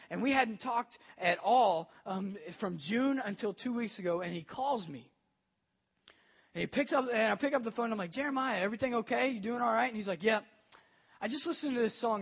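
A young adult man preaching a sermon, telling a personal story with lively swings between quiet and loud. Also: sits high, breathy edge. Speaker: pastor.

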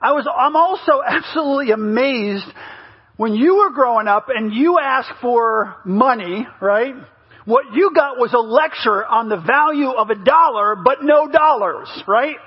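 A man's voice: very high-pitched, expressive, a little slow, slightly rough. A man preaching a humorous, conversational sermon as pastor, often asking the crowd "right?" in a church. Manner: playful, asks the crowd "right?". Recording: dull lo-fi sermon audio.

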